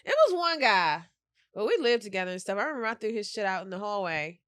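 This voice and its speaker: A woman in her thirties chatting as a podcast guest, her pitch leaping around as she acts out quotes. The sound is close and dry, with no room in it. She laughs easily between her stories. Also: animated, fast, fairly bright tone, clean tone, no room sound. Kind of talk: casual chat.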